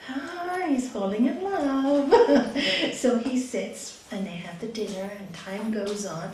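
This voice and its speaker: A woman yoga teacher giving an expressive spiritual talk, telling a story in a meditation hall. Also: fairly high pitch, unhurried, hardly any pauses, slight background noise. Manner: expressive, lively, with laughs and hushed asides. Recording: echoey room from a distant mic.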